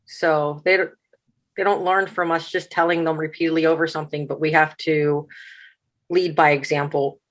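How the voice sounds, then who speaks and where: A woman's voice: low-pitched, level tone, normal speed. A woman student answering during a class discussion, speaking earnestly. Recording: distant in an echoey room.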